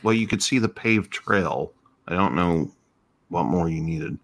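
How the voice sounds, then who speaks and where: A man's voice: deep voice, lively intonation, unhurried. A middle-aged man co-hosting a casual podcast, ranting in profane, incredulous bursts. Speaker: podcast co-host. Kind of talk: casual chat.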